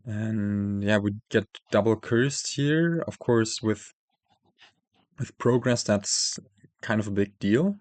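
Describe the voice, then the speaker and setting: A man hosting a card game commentates as he plays, thinking aloud with many fillers and self-corrections while his voice is giving out. He speaks slowly in a lowish voice. The recording has no room sound.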